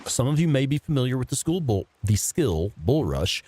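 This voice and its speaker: A man's voice: mid-range voice, very animated, moderate pace, darkish tone. A man in his fifties casually commentating a video game, laid-back, laughing often and swearing freely. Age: 50s. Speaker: gameplay streamer. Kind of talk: casual let's play commentary.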